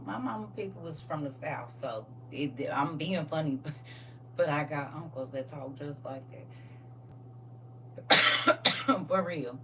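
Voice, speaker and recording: A woman's voice: on the low side, pushed and bright, far from the mic, slight background noise. A woman leading a casual livestream reading, playful and joking with her chat and laughing often.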